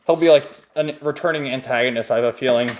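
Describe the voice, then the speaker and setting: A man's voice: medium pitch, fast talker. A man casually recapping a comic book page by page, enthusiastic and rambling, chuckling often. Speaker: manga reviewer.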